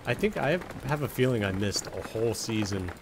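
A man's voice: lowish voice, animated, a little fast, background noise. A man casually commenting while playing a video game, joking with the characters and answering chat. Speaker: game streamer. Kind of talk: casual let's-play commentary.

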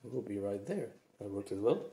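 Male tech reviewer, low voice, relaxed step-by-step explainer. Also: fairly quick. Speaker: product reviewer. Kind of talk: casual product demo.

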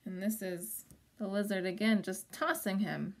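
A woman reading a children's picture book aloud at home, gently pausing to talk about the pictures and ask questions. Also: mid-range voice, fairly even intonation. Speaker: storybook reader for children.

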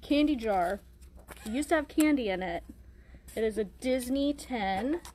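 A woman's voice: fairly high pitch, animated, unhurried, background noise. A woman co-hosting a live shopping sale in a vintage store, reading out items and their prices in brief lines. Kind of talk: live shopping sales pitch.

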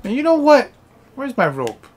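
A man giving casual live gameplay commentary, swearing and reacting loudly in frustration. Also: extremely high pitch, huge pitch swings, moderate pace, a little hiss or hum. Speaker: game streamer.

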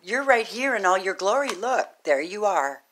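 A woman giving a casual tarot reading to camera, gushing and excitable, swinging from loud exclamations to hushed murmurs. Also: mid-range voice, normal speed, slight background noise. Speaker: tarot reader.

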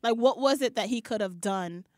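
A woman's voice: fairly high pitch, moderate pace, dry recording, studio quality. A young woman co-hosting a podcast, chatting casually with strong opinions and frequent laughter. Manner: animated, laughs often, opinionated. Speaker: podcast co-host. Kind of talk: casual chat recapping a show.

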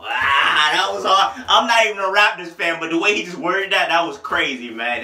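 Podekscytowany mężczyzna recenzuje album, jasny głos w pogłosie. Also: male voice, fairly high pitch, moderate pace, hardly any pauses. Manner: excitable, exclaiming, rambling slang. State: headache. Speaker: music reviewer. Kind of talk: casual album review. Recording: echoey room.

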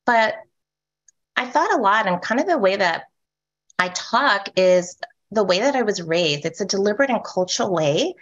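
A woman moderating a panel discussion, speaking softly with a lilt that rises at the end of her sentences and checking in often with "right?". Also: medium pitch, animated, normal speed, dull audio. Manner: soft voice with rising lilt at sentence ends; frequent "um" and "right?" check-ins.

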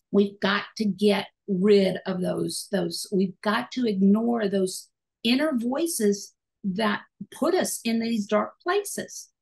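A woman podcast host with a husky, gravelly voice talks in a rambling, reflective way, full of fillers. Her pitch sits in the middle range. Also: low-quality recording. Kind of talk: conversational interview. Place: podcast studio.

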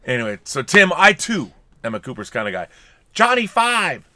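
This podcast co-host is a man with a fairly high, bright voice whose pitch swings widely at a normal speed, and his tone is forceful. He's joking around during a relaxed film discussion, reading super chats from viewers out loud. The setting is a home studio full of collectibles, with slight background noise.

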